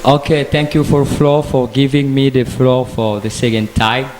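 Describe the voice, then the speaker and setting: A man making a deliberate, lecturing argument in a discussion group, with rhetorical questions. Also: mid-range voice, level tone, a little mellow, slight background noise. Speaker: debate participant. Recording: echoey hall with long reverb.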